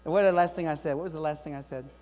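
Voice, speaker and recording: A middle-aged man giving a lively, joking keynote talk to teachers, speaking straight to the audience. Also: a little high, rapid-fire. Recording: long hall reverb with faint mains hum.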